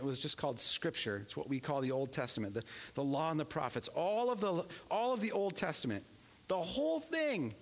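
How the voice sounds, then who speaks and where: Male pastor, slightly higher register, earnest emphatic sermon delivery. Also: big-room sound. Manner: earnest, emphatic preaching, swings between hushed and raised.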